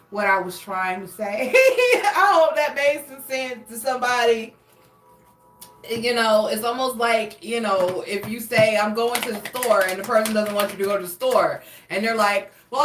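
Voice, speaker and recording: Tarot reader, female, higher voice, rambling searching delivery, roomy echo, off-mic. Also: a bit bright, a little hiss or hum. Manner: rambling, searching for words, frequent restarts. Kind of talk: casual tarot reading monologue. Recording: echoey room, voice a bit far from mic.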